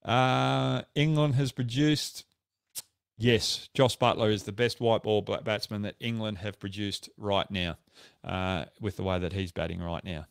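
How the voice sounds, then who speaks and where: A man's voice: on the low side, level tone, measured pace, vocal fry, clean tone, dry recording, clean studio sound. A middle-aged Australian man hosting a casual live stream, answering viewer questions in a chatty, friendly way and correcting himself as he goes.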